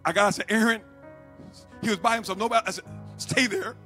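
A man preaching a Pentecostal sermon, swinging from shouted exhortation to hushed, halting storytelling. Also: high-pitched, steady tone, faint music behind.

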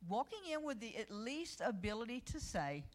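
As a church speaker, an earnest woman teaches a devotional with personal stories, keeping it conversational and swelling when she reads scripture. Her slightly high voice swings widely in pitch, and she keeps a moderate pace.

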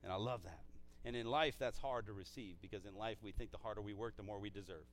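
A man pastor preaching a sermon in a church, casual and energetic, with frequent restarts. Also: lowish voice, fast talker, slight background noise. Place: church sanctuary.

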